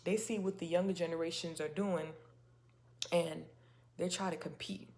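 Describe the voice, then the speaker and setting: A woman's voice: fairly low pitch, steady tone, normal speed, gravelly, darkish tone. A woman hosting a faith-based talk video, speaking casually and emphatically with rhetorical questions. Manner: chatty and emphatic, with many restarts and rhetorical questions. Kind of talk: casual spoken talk to camera.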